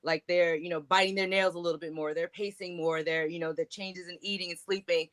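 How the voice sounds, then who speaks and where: A woman speaking earnestly about her own experience in a candid discussion, often pausing with "you know". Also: on the low side, fairly even intonation, a bit bright.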